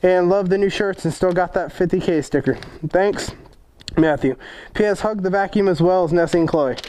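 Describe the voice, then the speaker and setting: A man's voice: high voice, moderate pace, a little mellow. A man hosting a casual fan-mail vlog, rambling and joking with lots of swearing. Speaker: motovlog host.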